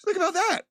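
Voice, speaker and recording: A man's voice: extremely high pitch, pushed and bright, no room sound, clean studio sound. A man giving a casual, rambling movie review. He laughs often and acts out the characters' lines.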